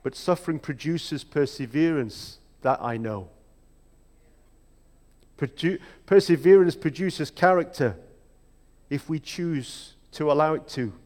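A man preaching a sermon in a reflective, measured way, with emphatic rhetorical questions. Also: on the high side, a little mellow. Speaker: pastor. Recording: long hall reverb.

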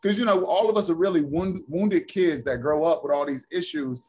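A man guesting on a talk show who tells his stories with energy. His voice sits a bit on the high side, and he slips into quick little voices for the people he quotes. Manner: animated storyteller, acts out quoted voices. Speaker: actor and author, interview guest. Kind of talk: casual interview chat.

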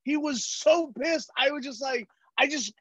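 High-voiced, profane comedian from California. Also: male voice, measured pace, no echo. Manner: animated, profane storyteller who acts out other people's voices. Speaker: comedian guest. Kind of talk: casual chat. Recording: dull, dry recording.

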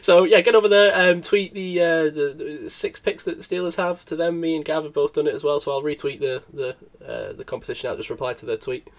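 A man's voice: on the high side, fairly quick, few pauses. A man hosting a casual podcast chat, upbeat and teasing his co-host.

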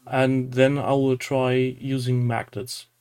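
A man co-hosting a podcast in casual chat, speaking hesitantly with frequent pauses. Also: mid-range voice, level tone, darkish tone, smooth. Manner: slow and hesitant, many "uh" fillers. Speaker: podcast co-host.

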